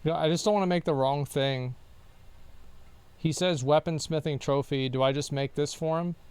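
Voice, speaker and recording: Man, streamer, casual game chat, hesitant, smooth clear voice, slightly high. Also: steady tone, normal speed, darkish tone, dry recording. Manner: puzzled, hesitant, thinking aloud. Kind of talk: casual gameplay commentary.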